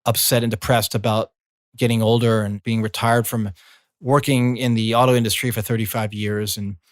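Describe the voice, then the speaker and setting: A middle-aged man, a coach and former healer, speaking in a slow, soothing reflective monologue. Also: on the low side, flat delivery, no room sound, studio quality. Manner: slow, soothing, drawn-out phrasing. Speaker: coach and former healing practitioner.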